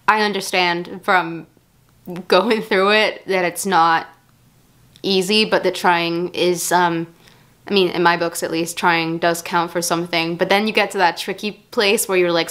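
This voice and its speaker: A woman's voice: on the low side, fairly even intonation, measured pace, a bit bright. A young woman filming a casual music reaction vlog in her bedroom, talking in a candid, rambling way and swearing freely. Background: music playing faintly.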